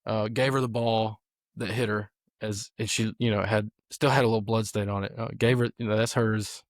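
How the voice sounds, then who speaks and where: A man's voice: lowish voice, steady tone, moderate pace, no room sound, clean studio sound. Man rambling through a coaching story. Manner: rambling anecdotal storyteller with many fillers. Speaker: football coach and podcast host. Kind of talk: casual storytelling chat.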